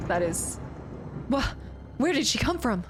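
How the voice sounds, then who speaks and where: A woman streaming a video game, chatting playfully and silly with her viewers while she plays. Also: sits high. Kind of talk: casual live-stream commentary. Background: game music.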